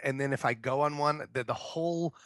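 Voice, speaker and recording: Man, podcast co-host, casual comedic storytelling, bright tone, dry close sound. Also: medium pitch, fairly quick, no room sound. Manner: profane, animated storyteller acting out quotes.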